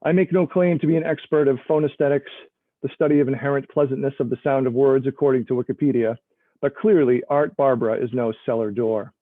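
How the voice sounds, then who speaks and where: A man's voice: medium pitch, fairly even intonation, quick pace, no room sound. Man reading aloud over a tinny call line. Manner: self-deprecating, laughs between remarks. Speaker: author reading his work. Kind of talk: live reading of a novel over a video call. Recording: tinny phone-like line, dry.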